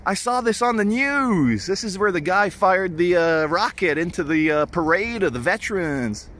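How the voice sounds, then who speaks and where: A man putting on a fake American accent, playing a slow, innocent-sounding tourist. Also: high voice, lively intonation, fairly bright tone, voice pushed up. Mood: feigned innocence.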